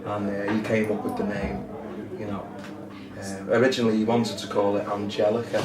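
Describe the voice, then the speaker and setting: A man's voice: fairly low pitch, fairly quick. Joking male musician, roomy and distant. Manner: joking, relaxed, dry humour. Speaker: musician being interviewed. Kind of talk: casual backstage interview. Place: backstage at a music club. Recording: roomy, distant, noisy room.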